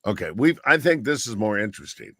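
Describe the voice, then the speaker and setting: A man's voice: fairly low pitch, big pitch swings, fast, pushed and bright, slightly rough, dry recording, studio quality. A man on a radio-style chat show, telling rambling anecdotes and often looping back with "so anyway". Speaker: guest radio personality.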